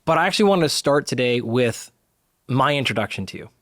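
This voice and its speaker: A man's voice: medium pitch, expressive, fairly quick, dry recording, studio quality. A man hosting a podcast interview, speaking in an earnest, admiring way. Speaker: podcast host. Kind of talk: interview conversation.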